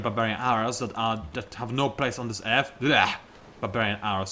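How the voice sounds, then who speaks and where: A man's voice: mid-range voice, quick pace, pushed and bright. A young man giving casual, self-mocking commentary while playing a strategy game, with sudden outbursts at his opponents. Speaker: gaming YouTuber.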